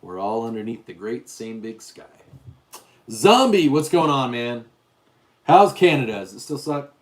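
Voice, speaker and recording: A middle-aged man chats casually on a livestream from home. He reads out viewer names and answers them one by one. His voice sits at an ordinary middle pitch. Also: very animated, a little slow. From Utah, US. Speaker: livestream host.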